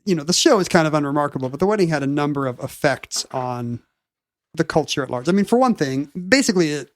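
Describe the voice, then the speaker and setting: A man's voice: a little high, animated, fast, dry recording. Dry-sounding man recapping a story. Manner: explanatory, with frequent "uh" and restarts. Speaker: podcast co-host. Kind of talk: casual chat, recapping a topic.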